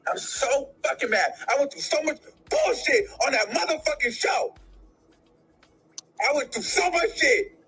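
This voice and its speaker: A man's voice: very high voice, expressive, unhurried, pushed and bright, faint music behind. A tearful, furious man venting in a profane, repetitive rant.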